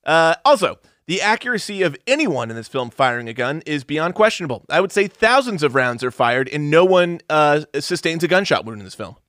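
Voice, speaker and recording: Man, casual movie chat, slightly high voice, dry close sound, profane and jokey. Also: sing-song, brisk, few pauses, a bit bright, dry recording. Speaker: podcast co-host.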